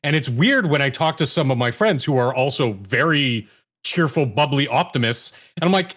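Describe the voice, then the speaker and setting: A man chatting on a panel over a video call, animated and profane, with stammering restarts. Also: medium pitch, normal speed. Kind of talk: casual panel chat.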